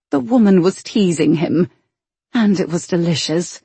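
Woman reading a romance audiobook, slow and sensual, breathy mellow voice. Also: fairly low pitch, animated, no room sound. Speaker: audiobook narrator.

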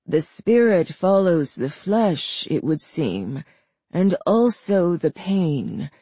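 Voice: mid-range voice, very animated, warm tone, husky, no echo, exaggerated voice. A narrator voicing a frail, cruel old man who speaks mildly but with menace. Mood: menacing. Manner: slow, mild, menacing delivery. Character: frail old male villain, cruel and calm.

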